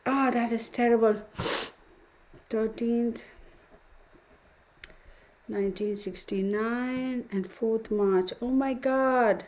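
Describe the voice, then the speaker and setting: A woman's voice: fairly high pitch, steady tone, slow pace, long pauses, a little mellow. A woman hosts a casual tarot livestream and talks straight to her viewers. She sighs often and mutters her counting under her breath. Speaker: tarot reader livestream host.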